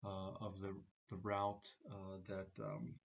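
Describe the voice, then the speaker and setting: Gravelly, flat-voiced man lecturing haltingly. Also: deep voice, dull audio. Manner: halting, many "uh" fillers between phrases. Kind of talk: recorded class lecture.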